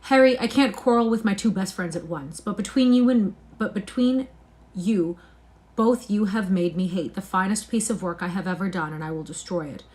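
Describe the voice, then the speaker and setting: A woman's voice: medium pitch, moderate pace, darkish tone, lightly acted. A woman reading aloud, voicing an earnest, wounded older male painter who pleads emphatically. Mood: distressed.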